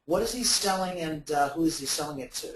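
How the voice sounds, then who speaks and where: A man's voice: on the high side, lively intonation, quick pace, roomy sound, heavy background noise. A man giving sales advice as a webinar guest, talking in a rambling way with many fillers and restarts. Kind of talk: webinar talk.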